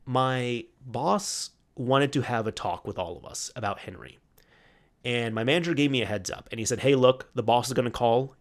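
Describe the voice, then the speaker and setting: A podcast host with a mid-range voice, a man doing a solo show, casually retells an old story from work. He quotes his coworkers in his own voice and laughs as he remembers it.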